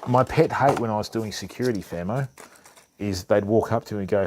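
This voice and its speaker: A man's voice: fairly low pitch, brisk, a little mellow, slight background noise. A middle-aged man, chatting casually and cracking jokes to his mates while sorting his fishing gear. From Australia. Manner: chatty, joking asides to friends. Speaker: fishing channel host.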